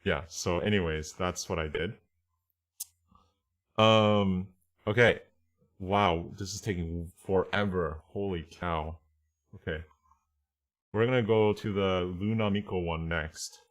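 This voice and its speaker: Man, very deep voice, casual online lesson, thinking aloud, self-correcting. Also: slow pace, long pauses. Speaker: translation teacher.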